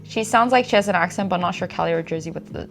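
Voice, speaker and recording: A woman's voice: lowish voice, fast talker, creaky, faint music behind. A woman in a casual chat as a streamer guest, giggly and full of "like" fillers. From Japan.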